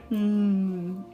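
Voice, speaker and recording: A woman's voice: medium pitch, warm tone. A woman in her forties chatting casually on a live stream, self-mocking, swearing and laughing often. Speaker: tarot reader live-streaming.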